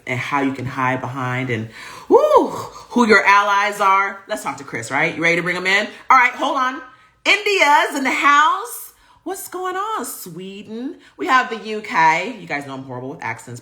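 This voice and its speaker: A woman hosts a live show with a bright, forceful voice, hyped and playful as she reads out viewer comments. She talks over a video call, pitch sitting in a middle range. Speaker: host. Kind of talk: livestream hosting.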